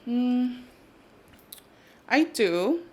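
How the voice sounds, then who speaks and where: A woman's voice: fairly high pitch, animated, extremely slow. A young woman as a podcast guest, telling personal stories in an open, conversational way. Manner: open, storytelling, emotional at times. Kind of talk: casual chat.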